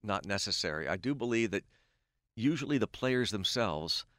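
A man's voice: lowish voice, normal speed, no room sound, studio quality. A middle-aged man, a baseball play-by-play announcer, telling a long story on a podcast and acting out the quoted back-and-forth. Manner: animated storyteller who acts out quoted dialogue.

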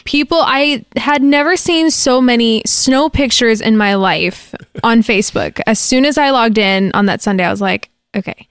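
A woman's voice: fairly high pitch, moderate pace, hardly any pauses, clean tone, no echo. Chatty woman from Texas, dry close sound. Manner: chatty, laughs often, lots of "like". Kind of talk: casual chat.

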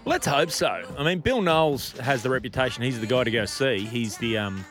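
A man's voice: mid-range voice, animated, fairly quick, fairly bright tone, faint music behind. An Australian man co-hosting a casual sports podcast, joking and bantering playfully. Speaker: podcast co-host.

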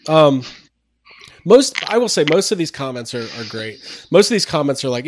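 A man's voice: fairly high pitch, sing-song, normal speed, no room sound. A man co-hosting a podcast in casual chat, reading comments aloud mockingly and laughing. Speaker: podcast co-host.

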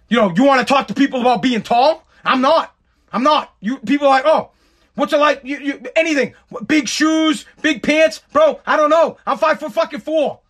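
A man with a strikingly high-pitched voice talks in a loose, rambling rant. He swears freely and mocks with sarcasm. His voice sounds tired and worn from a long workday. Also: fairly bright tone. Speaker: content creator. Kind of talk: casual ranting monologue.

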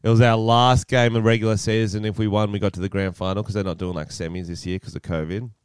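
A man's voice: lowish voice, fast talker, smooth, no echo, clean studio sound. Swearing Australian man telling stories. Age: 30s. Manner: animated swearing storyteller who acts out scenes. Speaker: podcast co-host. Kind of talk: casual podcast chat.

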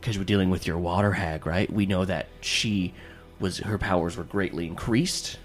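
A man's voice: low-pitched, moderate pace, soft background music. A man voicing a casual young male agent who rambles with lots of fillers. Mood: eager.

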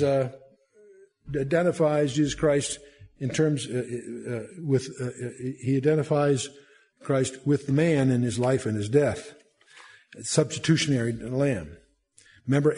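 Older guy doing a bible lesson, warm low-key voice, reads the verses then talks them through, lots of uhs and restarts. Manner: reads scripture aloud, then explains with frequent restarts and "uh"s. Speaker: Bible teacher. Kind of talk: verse-by-verse Bible study lecture.

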